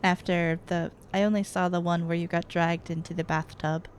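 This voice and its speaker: A woman streamer chatting casually and excitedly with her viewers. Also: lowish voice, moderate pace, slight background noise. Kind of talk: casual live-stream chat.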